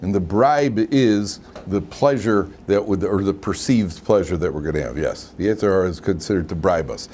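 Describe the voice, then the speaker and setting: A man, a rabbi, teaching an informal Torah class in a lively way, often asking his students questions. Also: low-pitched, moderate pace, hardly any pauses, slight background noise. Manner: lively, asks the class questions, frequent "right?".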